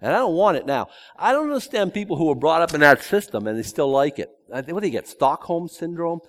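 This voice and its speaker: A man's voice: a little high, sing-song, quick pace. A man preaching a verse-by-verse sermon in a conversational way, with joking asides and emphatic repetition. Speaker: pastor. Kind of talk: expository sermon.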